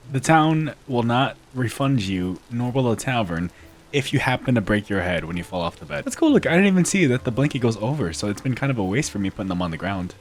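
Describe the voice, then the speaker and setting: A man giving casual, playful commentary on his game building, with self-mocking jokes and giggly asides. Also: medium pitch. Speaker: gaming video creator.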